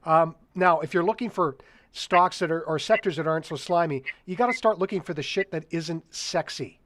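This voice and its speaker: A man's voice: fairly high pitch, normal speed, a bit bright, no room sound, studio quality. A man hosting a casual market chat, reading out listener questions and speaking bluntly with the odd swear.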